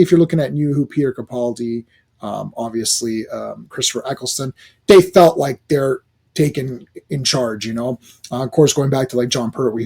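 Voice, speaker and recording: Man, slightly high voice, casual review rant, rambling, exasperated. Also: darkish tone. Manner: rambling, exasperated, many fillers and restarts. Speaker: video reviewer.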